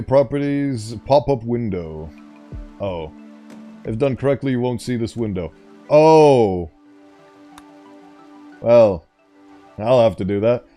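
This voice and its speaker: A man's voice: medium pitch, mellow. A man giving casual, rambling commentary over a game, easily sidetracked and reading on-screen text aloud. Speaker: gaming streamer.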